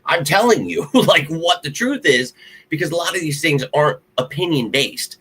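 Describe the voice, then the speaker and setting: A man's voice: on the high side, animated, moderate pace, pushed and bright, slightly rough, low-quality recording. A man hosting his own live sports show, rambling bluntly and heatedly about his football team to viewers. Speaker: sports podcast host. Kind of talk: casual fan commentary to a live stream.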